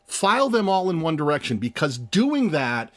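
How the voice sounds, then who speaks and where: A man co-hosting a live stream, explaining in a casual, animated way as he clicks through screens. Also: on the high side, moderate pace. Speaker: co-host of a channel review live stream.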